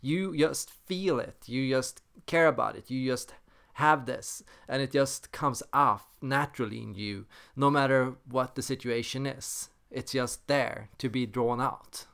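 Male host, explanatory monologue, smooth resonant voice, measured emphasis. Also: mid-range voice, a bit bright. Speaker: personality theory channel host.

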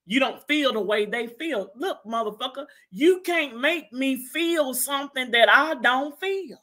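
A woman's voice: high voice, expressive, unhurried, pushed and bright. A woman hosting a live stream, ranting in a brash, profane way and laughing as she goes. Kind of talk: heated live-stream rant.

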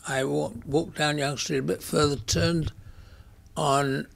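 A man's voice: on the high side, flat delivery, slow, creaky. A man in his eighties with an English accent, telling wry anecdotes as a podcast guest and acting out the lines of people in his stories. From England. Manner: anecdotal, wry, with dramatized quotes. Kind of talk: storytelling in a conversation.

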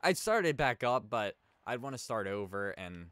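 A young man casually commentating on his own hockey video game as he plays, chatting and reacting loudly to plays. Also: mid-range voice, sing-song, moderate pace, dry recording. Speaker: gaming YouTuber. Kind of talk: casual let's play commentary.

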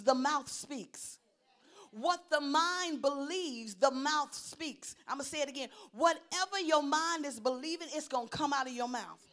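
A middle-aged woman pastor preaching a sermon, swinging from loud declarations to low, quiet asides and calling out for responses.

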